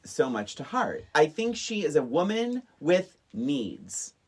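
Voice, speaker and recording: Very low-voiced woman, lively and easygoing. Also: takes it slowly, slightly rough. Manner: easygoing, hesitant, lots of fillers and agreement. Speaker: podcast co-host. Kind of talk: casual movie chat.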